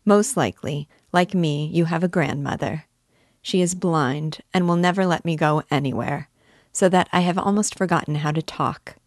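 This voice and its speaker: A playful young girl full of eager, teasing questions, as a woman reads her part. The voice sits low and is recorded close and dry. Her lines are lively and a little impatient. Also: moderate pace, no echo. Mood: confiding. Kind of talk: audiobook character reading.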